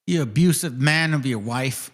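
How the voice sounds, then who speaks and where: A man's voice: medium pitch, normal speed. A man hosting his channel, ranting in a confrontational, profane monologue aimed directly at people. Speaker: channel host.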